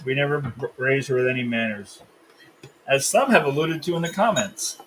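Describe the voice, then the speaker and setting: A man hosts a live cooking stream, explaining the steps and jokingly teasing his co-host in casual cook-along chat. His expressive, mid-range voice is a bit bright and moves at a normal speed, on a rough recording with a little hiss or hum.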